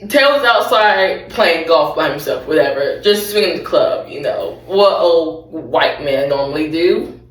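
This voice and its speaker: A woman's voice: deep voice, lively intonation, unhurried, distant mic. A young adult woman recapping a TV show in a casual, rambling way, correcting herself and adding laughing asides. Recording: roomy, off-mic.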